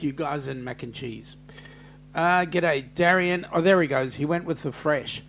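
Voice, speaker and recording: A man's voice: a little high, unhurried, a bit bright, slight background noise. An Australian man hosting a casual live-stream chat, jokey and chatty as he greets viewers by name and reads out their comments. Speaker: host.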